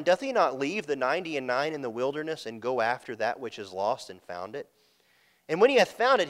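A preacher with a high, light voice works through a scripture story. He acts out the characters' words and often repeats himself as he builds his points. His delivery is earnest and conversational. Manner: storytelling, acting out quoted voices, repeats and restarts. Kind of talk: sermon.

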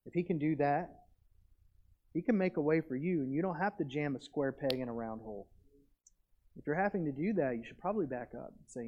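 A man preaching a sermon as pastor, earnest and conversational, with animated asides. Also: on the high side, a little fast. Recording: dull lo-fi recording.

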